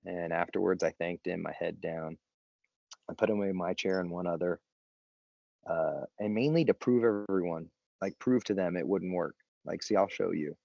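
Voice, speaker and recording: Low, gravelly man telling a story. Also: darkish tone, no echo. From Los Angeles area. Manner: candid, rambling with fillers and restarts. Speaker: podcast guest. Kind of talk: storytelling in casual conversation. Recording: dry, dull lo-fi sound.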